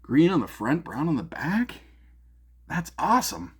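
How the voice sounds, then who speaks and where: A man's voice: a little high, wildly swooping pitch, measured pace, breathy edge. A middle-aged man hosting a music gear news show from his home music room, chatting casually in a rambling, jokey way with lots of fillers and restarts. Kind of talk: casual chat.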